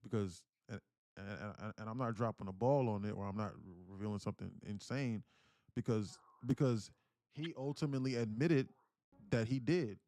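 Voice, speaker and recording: A man's voice: fairly low pitch, normal speed, dry recording. A man hosting a live day-trading stream in casual chat, telling stories and acting out the voices of the people he quotes. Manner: animated storyteller who acts out quoted voices.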